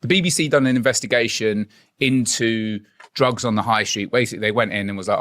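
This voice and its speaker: A man's voice: on the low side, brisk, fairly bright tone, no room sound. A man from England, a guest investigator, speaking in an earnest, probing way in a conversational interview.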